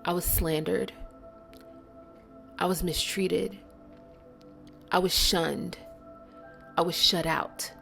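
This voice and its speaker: A woman with a low, gravelly voice speaks a spiritual monologue bluntly and earnestly. She leans hard on slow words and sometimes sinks to a whisper. Soft music plays faintly beneath her. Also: steady tone. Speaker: spiritual channel host.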